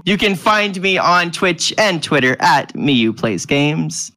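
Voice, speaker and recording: A man's voice: a little high, animated, slow, hardly any pauses, sharp tone. A man narrating a tabletop game as game master, describing scenes with restarts and little sound effects.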